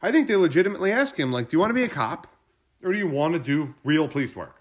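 A man's voice: on the high side, big pitch swings, fast. A man in casual conversation about a movie, talking in an opinionated, emphatic way.

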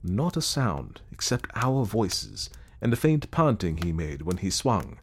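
Lively-voiced man reading a ghost story. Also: fairly low pitch, a little slow, a little hiss or hum. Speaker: narrator. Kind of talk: audiobook narration of a classic ghost story.

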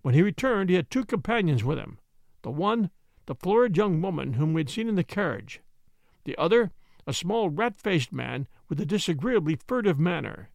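A man narrating a classic detective story in an expressive, dramatic way. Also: high-pitched, moderate pace, gravelly, dry recording. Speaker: audiobook narrator.

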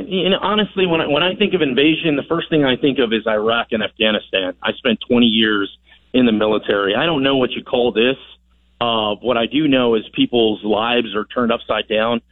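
A man's voice: medium pitch, no echo. A man calling in as a congressman for a radio interview, talking in an emphatic, rallying way and repeating words for stress. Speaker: congressman as phone-in guest. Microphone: telephone. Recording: dry tinny phone line.

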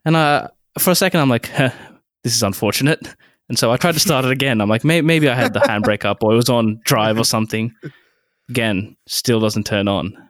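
Fast-talking young Australian man. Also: mid-range voice, no echo, studio quality. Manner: animated, laughing, crude jokes. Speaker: podcast co-host. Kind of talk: casual banter storytelling.

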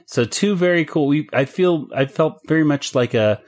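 A man's voice: on the high side, normal speed, a little mellow. Chatty man hosting a podcast. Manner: laughing, rambling with fillers. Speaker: podcast host. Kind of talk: casual podcast chat.

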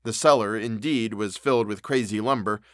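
A man narrating an audiobook of a classic novel, reading in a measured, solemn way. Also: fairly low pitch, fairly bright tone, no echo, clean studio sound.

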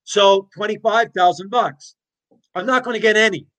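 A man in his sixties telling his stories as an interview guest, animated, blunt and profane. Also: high voice, normal speed. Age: 60s. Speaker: interview guest, former hockey player. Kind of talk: casual storytelling.

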